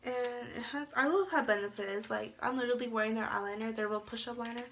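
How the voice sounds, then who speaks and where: Bright, gravelly-voiced young woman vlogger. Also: fairly high pitch, quick pace, slight background noise. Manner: chatty, rambling, lots of "like" fillers. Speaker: beauty vlogger. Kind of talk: casual haul chat.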